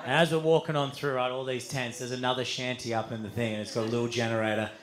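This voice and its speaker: An Australian man, a comedian, telling a live stand-up story in a loud, animated way, swearing and laughing as he goes. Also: mid-range voice, quick pace. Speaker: comedian and podcast host. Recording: live stage recording.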